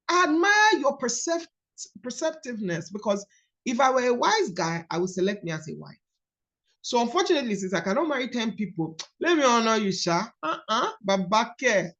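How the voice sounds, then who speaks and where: A woman's voice: on the high side, big pitch swings, moderate pace, fairly bright tone, lo-fi sound. A woman leading a book study coaching call, repeating key phrases for emphasis.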